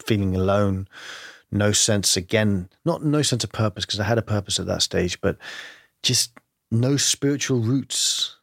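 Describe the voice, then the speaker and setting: A man's voice: on the low side, unhurried, vocal fry, fairly bright tone, no room sound, studio quality. A man as an interview guest, speaking candidly and reflectively about hard times, with frequent laughs. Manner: reflective, earnest, laughs often.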